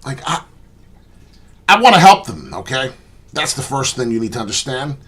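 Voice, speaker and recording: A man's voice: medium pitch, sing-song, moderate pace, a bit bright. A man hosting his own crypto channel, talking earnestly and bluntly off the cuff, rambling with lots of "uh" and "right?" and swearing freely. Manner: profane, blunt talk. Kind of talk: off-the-cuff vlog monologue.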